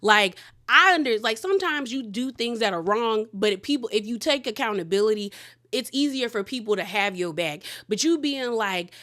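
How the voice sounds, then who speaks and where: A woman recapping a reality TV episode in casual, animated storytelling, acting out the quotes as she goes. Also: fairly high pitch, normal speed.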